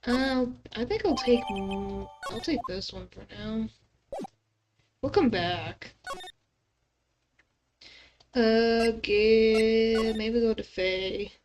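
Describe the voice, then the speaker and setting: Reading a game's dialogue aloud as she plays, a female streamer drops casual, mumbled asides between the lines. Her fairly high voice draws out words with long pauses, and the audio is poor with background music.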